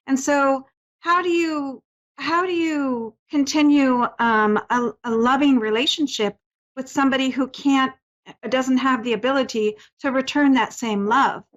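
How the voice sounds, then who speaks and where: A woman giving a psychic reading to a caller on her show. Her voice sits a little high, and she speaks soothingly and reassuringly, stopping often to restart her sentences. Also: fairly even intonation, unhurried, a bit bright, dull audio. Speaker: psychic medium host.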